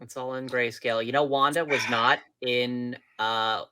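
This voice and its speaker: A young man from Long Island co-hosting a casual podcast chat, joking with dry quips and frequent halting restarts. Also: medium pitch, steady tone, pushed and bright, clean tone. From Long Island, New York. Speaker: podcast co-host.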